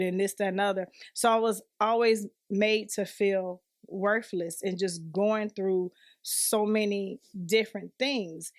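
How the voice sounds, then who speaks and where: A woman's voice: mid-range voice, dry recording, clean studio sound. Woman telling her story earnestly. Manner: earnest storytelling, acting out quoted voices. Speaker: podcast guest. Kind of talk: personal testimony in conversation.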